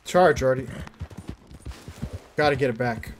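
A young man streaming a game, joking crudely and breaking into loud whoops and yelps. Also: mid-range voice, unhurried, a little hiss or hum. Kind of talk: casual livestream chat while playing.

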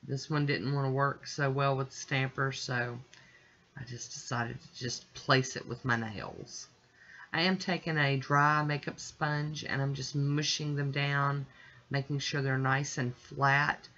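A woman hosting her own nail art channel, narrating a tutorial in a chatty, relaxed way as she works step by step. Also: a bass voice, unhurried, highs cut off.

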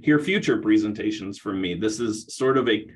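A middle-aged man giving a conference presentation on rehabilitation, talking in a halting way with many restarts. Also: on the low side, low-quality recording. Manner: hesitant, many restarts and fillers.

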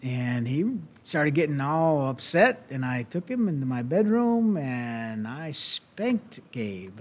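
A man with a Southern US accent delivers a sermon in a notably high voice. His delivery is folksy and earnest, full of small restarts and fillers. He sounds like a grandfatherly pastor talking to his congregation.

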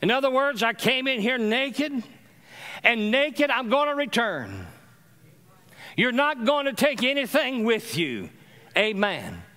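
High, bright preacher, middle-aged. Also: male voice, sing-song, takes it slowly. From Louisiana, USA. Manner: preaching with call-and-response, swinging from loud high exhortation to soft low murmurs. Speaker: pastor. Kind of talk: sermon. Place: church sanctuary.

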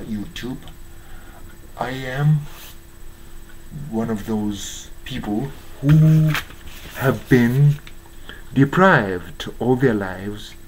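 A man with a Japanese accent, hoarse from strain, giving a halting monologue full of fillers and restarts. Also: mid-range voice, slight background noise, poor audio. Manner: halting, many fillers and restarts, searching for English words. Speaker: YouTuber. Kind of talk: slow rambling monologue.

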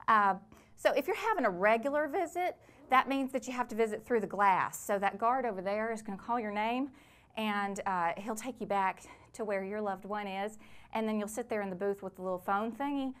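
Actress as a rambling mom in a prison waiting room, friendly, mid-pitched, scolding the kids between sentences. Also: female voice, brisk, a bit bright, lightly acted. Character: chatty weary mother of four, prisoner's wife. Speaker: stage actor in a one-woman play. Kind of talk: theatrical monologue.

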